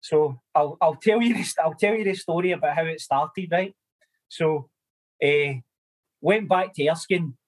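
A young Scottish man, a guest on a casual podcast, telling animated stories with swearing and laughter. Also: on the high side, measured pace. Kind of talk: casual storytelling chat.

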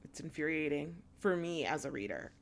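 A woman's voice: sits low, expressive, moderate pace, gravelly. A woman co-hosting a casual book podcast, chatty and rambling with many fillers and restarts. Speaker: podcast co-host.

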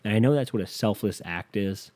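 A man's voice: lowish voice, fairly quick, a little mellow. A young man ranting to camera in a casual comedic monologue, swearing freely and acting out the people he quotes. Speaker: comedic vlogger.

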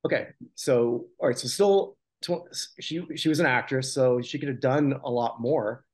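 A man's voice: mid-range voice, normal speed, darkish tone. A man co-hosting a podcast in a casual chat about old TV, rambling and joking with many restarts. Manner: rambling, self-correcting, jokey. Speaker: podcast co-host.

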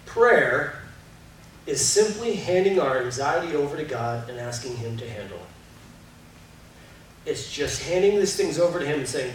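High-voiced pastor in an echoey hall. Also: male voice, expressive, unhurried, long pauses. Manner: candid, self-deprecating, chatty with many fillers. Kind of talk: casual conversational sermon. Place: church auditorium. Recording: very echoey hall, voice from far off, faint noise.

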